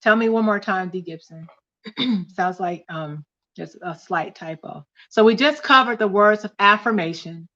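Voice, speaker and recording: A woman's voice: medium pitch, unhurried, bright, forceful tone. Woman hosting a live bible-style study, reads from a book, repeats stuff, kinda muffled lo-fi audio. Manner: teaching, repeats key points, reads chat comments aloud. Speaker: host of a couples study livestream. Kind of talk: casual teaching livestream, reading aloud from a book.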